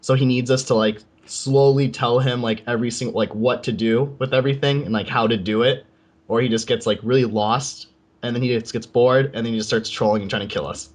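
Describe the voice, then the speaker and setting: A man's voice: medium pitch, fairly even intonation, brisk. A young man co-hosting a gaming podcast, venting in a rambling way with lots of "like" fillers. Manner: rambling, heavy use of "like", frustrated venting. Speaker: podcast co-host. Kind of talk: casual gaming chat.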